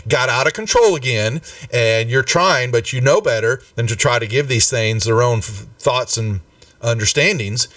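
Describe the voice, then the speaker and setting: A man voicing a stern, motherly woman who scolds her wayward ward slowly and firmly. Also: mid-range voice, fairly bright tone, no echo, recorded from a distance, natural voice. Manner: slow, firm, scolding.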